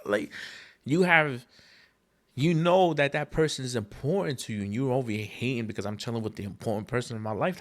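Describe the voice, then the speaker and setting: A man hosting a podcast in a casual solo monologue, with an emphatic, slangy, profane rant that jumps up in pitch when he gets exasperated. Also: fairly quick. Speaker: podcast host.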